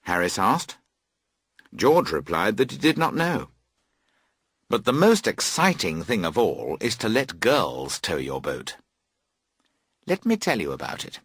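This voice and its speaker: Slow, husky, animated storyteller man. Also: lowish voice, no room sound, clean studio sound. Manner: slow, clear, very expressive. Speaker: audiobook reader. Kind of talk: scripted storybook narration for learners.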